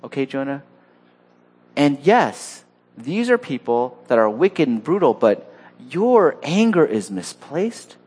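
A man preaching a sermon in a lively, humorous and conversational way. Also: a little high, slow pace, slightly rough. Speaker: pastor.

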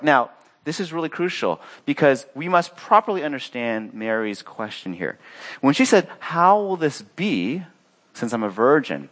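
A man preaching a sermon, reading scripture and telling stories in an animated way, acting out the voices he quotes. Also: moderate pace. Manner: animated storytelling, acts out quotes with big pitch jumps. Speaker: pastor.

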